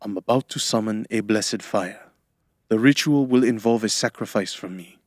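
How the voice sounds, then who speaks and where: A man's voice: on the low side, normal speed, no room sound, natural voice. A man voicing a grave, determined man in an audiobook, giving urgent commands close to his own voice.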